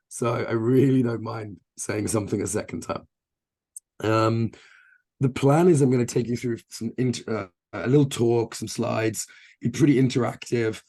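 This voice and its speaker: A man with a hoarse, nearly gone voice, giving an online training in a jokey, informal, self-deprecating way over a video call. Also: on the low side, darkish tone.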